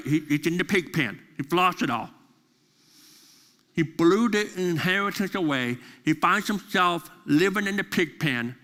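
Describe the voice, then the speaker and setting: Animated male pastor with a bright, sharp voice, storytelling sermon in a reverberant church hall. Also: sits high. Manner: animated storytelling, repeats phrases.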